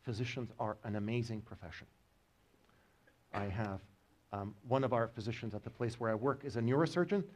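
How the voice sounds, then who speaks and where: A man's voice: medium pitch, a little fast. A man giving a university biology lecture, joking with his students as he explains. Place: lecture hall.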